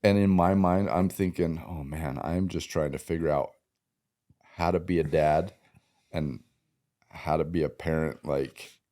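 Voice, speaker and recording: A man's voice: very deep voice, fairly even intonation, measured pace, dark tone. A man speaking as a podcast guest in casual conversation, plainspoken, giving many short agreeing replies.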